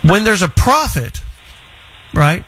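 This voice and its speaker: A man's voice: high voice, big pitch swings, slow, a bit bright, slight background noise. A middle-aged man hosting a casual interview, blunt and teasing, often restarting his sentences. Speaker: host.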